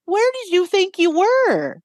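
A woman podcast co-host in casual gossip chat, recapping with animated emphasis. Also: extremely high pitch, unhurried, no echo.

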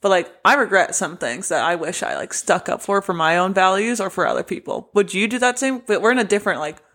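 A woman's voice: medium pitch, expressive, fast talker, a bit bright. A young woman, a former basketball player, chatting casually as an interview guest, with frequent fillers and easy laughter. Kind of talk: casual conversation.

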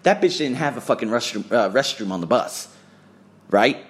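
Animated, swearing male podcast host. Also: mid-range voice, normal speed. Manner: animated, profane storytelling with acted-out quotes. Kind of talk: casual solo podcast.

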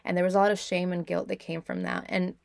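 A woman's voice: lowish voice, little pitch movement, fast, vocal fry, dry recording, clean studio sound. A young woman podcast host candidly telling her own life story in a reflective way, with many "like" fillers. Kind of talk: personal storytelling.

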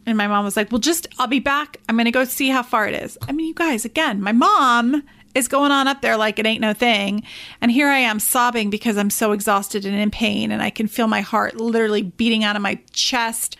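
Animated woman podcast host telling a story. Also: a little high, a little fast. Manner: animated storytelling, addresses listeners as "you guys".

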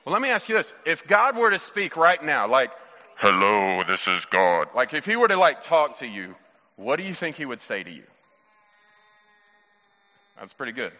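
A man's voice: fairly high pitch, sing-song, moderate pace, pauses often, bright, forceful tone. A man pastor, asking children playful questions during a children's sermon in church. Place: church sanctuary. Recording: muffled church recording with long reverb.

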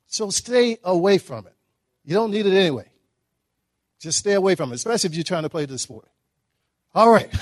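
A middle-aged man with a drawl gives a motivational talk and spins humorous stories with animated energy. His voice sits a little high for a man, and the sound is close and dry with no room echo. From Dallas, Texas. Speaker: guest speaker. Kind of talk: motivational storytelling speech. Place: breakfast event hall.

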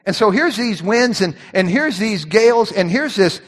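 A man preaching in a large hall with a long echo trailing his words. His voice sits high and swings widely as he acts out the voices of the people in his story. He repeats words in quick bursts. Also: expressive. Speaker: pastor. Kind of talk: sermon.

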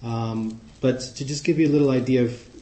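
A man with a New York accent, giving a relaxed, chatty talk to a group as guest speaker. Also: medium pitch, normal speed. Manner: relaxed, chatty, warm humor. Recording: echoey room.

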